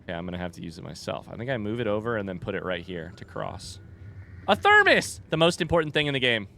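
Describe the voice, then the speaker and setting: A man's voice: deep voice, racing, gravelly, pushed and bright. A young man casually chatting and joking while playing through a game. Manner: chatty, joking, yelps when startled. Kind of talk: casual gameplay commentary.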